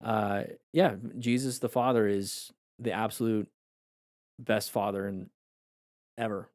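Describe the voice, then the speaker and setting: Guy with a voice going hoarse, rambling live-stream chat, dry close sound, lots of restarts. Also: on the low side, fairly even intonation, slow, a little mellow, no echo. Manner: reflective and rambling, with many restarts and fillers. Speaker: motorcycle riding coach streaming live.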